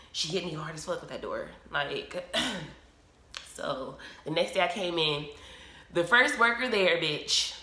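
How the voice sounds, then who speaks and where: Animated woman telling a story, roomy echo. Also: lowish voice. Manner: animated, emotional, acts out quoted dialogue. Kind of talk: casual storytime monologue.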